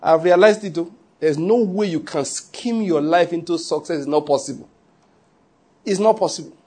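A man's voice: high-pitched, moderate pace, dark tone. A man with a Nigerian accent preaching a sermon, chatty and humorous, dropping into Pidgin asides. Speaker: pastor.

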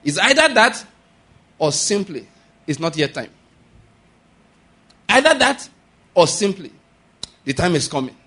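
Male pastor, husky, higher voice, sermon delivery that jumps to loud emphatic peaks. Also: very animated, a little slow, pauses often. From Nigeria. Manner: preaching with sudden rises to loud, high emphasis and laughter.

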